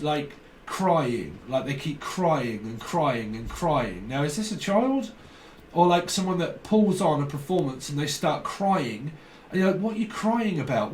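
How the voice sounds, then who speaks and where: Rambling male tarot reader, roomy and distant. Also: on the high side. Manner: rambling, free-associating, repeats himself. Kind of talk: casual spoken tarot reading. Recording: roomy echo, distant mic, faint background noise.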